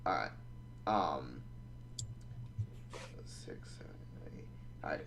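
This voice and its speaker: A man running a tabletop game as dungeon master, narrating combat in a relaxed, halting way. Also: very deep voice, creaky, a little hiss or hum.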